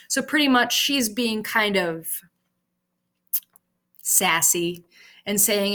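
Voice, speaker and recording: A woman's voice: medium pitch, expressive, unhurried, a bit bright. A young woman teaching a casual literature lesson. She explains the scene in a chatty way and uses slang.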